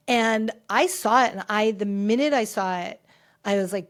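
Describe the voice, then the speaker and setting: A woman's voice: a little high, moderate pace. A woman hosting a pop culture podcast, talking candidly and rambling through her thoughts with frequent restarts. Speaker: podcast host. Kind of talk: casual pop culture chat. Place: home filming set.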